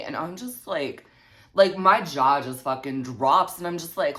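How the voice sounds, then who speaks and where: A woman's voice: low-pitched, unhurried, a bit bright. A woman telling a storytime vlog in a snarky, heavily profane way. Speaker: vlogger.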